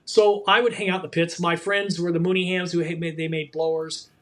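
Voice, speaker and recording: Fast-talking older man telling stories. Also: fairly high pitch. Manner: animated, quick storyteller who acts out quotes. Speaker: guest. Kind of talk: storytelling anecdotes in a conversation.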